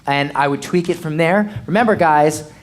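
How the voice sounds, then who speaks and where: A marketing coach giving punchy, blunt advice in a live Q&A, peppered with "okay?" and "boom" and the occasional swear word. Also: normal speed.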